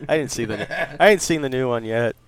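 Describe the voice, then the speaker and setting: A man's voice: medium pitch, lively intonation, a little fast, over a noisy crowd. A man in his late thirties co-hosting a podcast, chatting casually, laughing often and swearing freely. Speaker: podcast co-host. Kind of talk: casual chat.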